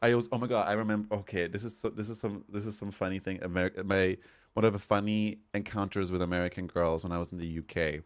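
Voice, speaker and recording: A man from Europe chatting casually while gaming, telling stories in a campy, animated way with swearing. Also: deep voice, quick pace. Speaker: streamer.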